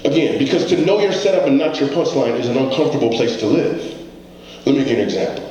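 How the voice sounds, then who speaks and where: A man's voice: mid-range voice, expressive, fast, mellow. A comedian gives an earnest, conversational motivational talk from a stage, weaving stories and rhetorical questions to the crowd. His voice rings through a very echoey hall, with a faint hiss of background noise. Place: stage before a live audience.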